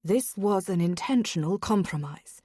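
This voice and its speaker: A woman reading a stern, dignified noble mother in a measured, firm voice in an audiobook. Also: mid-range voice, lively intonation, warm tone, breathy edge, dry recording, clean studio sound.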